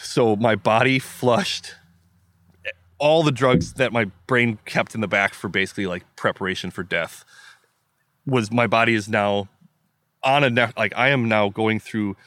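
A man from the American Midwest recounts a story as an interview guest, vivid and emphatic, voicing his own thoughts aloud. His voice sits fairly low. The sound is dry and close. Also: measured pace, a bit bright, dry recording. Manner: vivid, emphatic retelling with acted-out inner quotes. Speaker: guest telling a hiking story.

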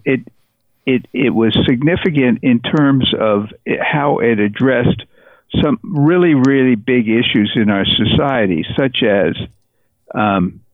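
A man being interviewed about his book on a podcast, speaking thoughtfully with many pauses and restarts. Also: medium pitch, no room sound. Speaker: author, interview guest. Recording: dry tinny phone-like line.

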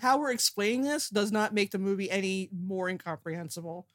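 A woman co-hosting a casual movie review chat, animated and blunt, laughing as she talks. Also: mid-range voice, a little fast, no room sound. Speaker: podcast co-host.

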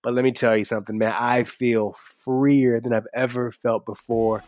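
A man's voice: medium pitch, level tone, moderate pace, darkish tone, dry recording, clean studio sound, soft background music. A man with a slight twang, candidly answering interview questions on a podcast in an earnest, upbeat way. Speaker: podcast guest and host. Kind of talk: conversational interview.

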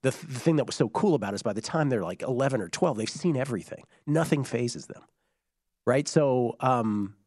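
A man co-hosting a casual sports chat, voice hoarse and giving out, talking in a conversational way and explaining background. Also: medium pitch, lively intonation, a little fast, a little mellow, no echo, clean studio sound. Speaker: podcast co-host.

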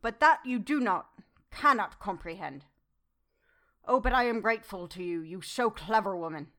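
An old foreign professor, warm in his praise and grave in his fervour, drawing out his broken, formal sentences slowly, as a woman reader puts him on. It is a spoken storybook performance. His voice sits in a middle pitch. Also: expressive. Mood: fervent. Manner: broken formal English, slow and fervent. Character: old male foreign professor, earnest, effusive. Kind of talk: audiobook character reading.

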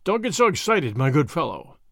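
A man voicing a cool, confident young Englishman who bluffs calmly. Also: high-pitched, normal speed, no echo, clean studio sound, pitched above the performer's own voice. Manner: calm, confident, scornful.

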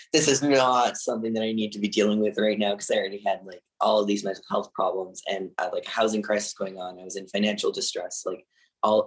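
Young man, deep voice, halting and candid personal storytelling. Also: rough recording. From Canada. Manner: candid, halting, many fillers, nervous laughs.

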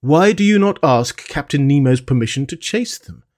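Manservant, calm, wry, dry, man reading aloud. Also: a little high, moderate pace, close to an everyday voice. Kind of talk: audiobook character reading.

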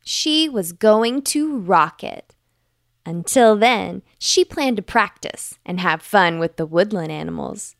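A woman narrating a bedtime story for children, gentle, clear and unhurried. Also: medium pitch, lively intonation, no echo, clean studio sound.

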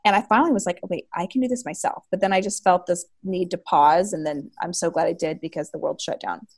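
A woman in her thirties chatting casually as a guest about her business, a bubbly, lively storyteller who says "like" a lot. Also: on the low side, fast, husky. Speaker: guest, cheese shop owner. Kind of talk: casual chat.

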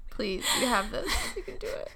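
A woman's voice: a little high, sing-song, normal speed, vocal fry, sharp tone, breathy edge. A woman co-hosting a podcast in casual chat, giggly and teasing, often cracking jokes. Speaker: podcast co-host.

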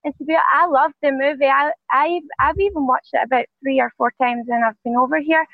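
A woman with a Scottish accent, a professional fighter answering interview questions in a quiet, soft-spoken way. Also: high-pitched, fairly even intonation, quick pace, no room sound, phone-quality sound. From Scotland.

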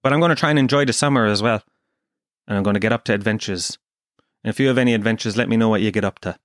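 A podcast host from Kerry, Ireland, tells a comic story in a profane, self-deprecating way. His voice sits on the low side and comes out rapid-fire, recorded at studio quality with no echo.

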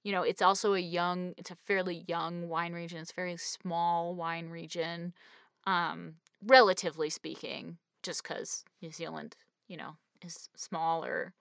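Chatty podcast co-host, woman, bright lowish voice, giggly and rambling. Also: little pitch movement, unhurried, clean tone, dry recording, clean studio sound. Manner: bubbly, laughs often, rambling. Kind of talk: casual chat.

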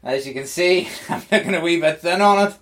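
A man doing his slow deadpan co-host. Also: fairly high pitch, lightly acted.

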